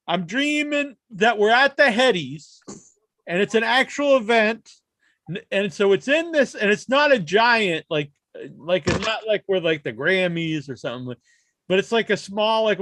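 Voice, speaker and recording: Give me a podcast host with a high, bouncy voice, trading crude jokes and profanity in easygoing banter. He is recorded close on a dry mic. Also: a bit bright, no room sound. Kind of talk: casual wrestling podcast chat.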